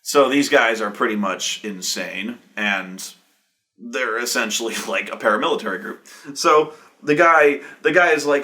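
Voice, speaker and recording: A man in his thirties telling tabletop game stories in an excitable, profane way, acting out players with loud outbursts. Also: medium pitch, unhurried. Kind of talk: animated storytelling chat.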